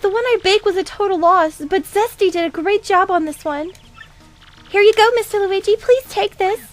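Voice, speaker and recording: A woman voicing a giddy young fangirl in a video game playthrough, gushing in breathless, shrill squeals. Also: normal speed. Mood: eager.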